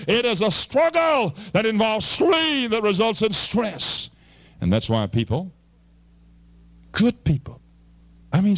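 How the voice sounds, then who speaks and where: A man preaching a fervent sermon as pastor, swinging between loud appeals and low, quiet asides.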